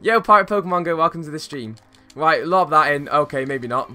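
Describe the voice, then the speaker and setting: A young man streaming a football game, chatting casually with viewers and reacting to plays with bursts of excitement. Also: on the high side, brisk, soft background music. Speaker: gaming streamer. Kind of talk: casual live-stream chat while playing.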